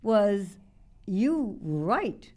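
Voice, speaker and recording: A woman's voice: mid-range voice, very animated, drawn-out words, darkish tone. A woman interviewing a guest in casual chat, enthusiastic and encouraging.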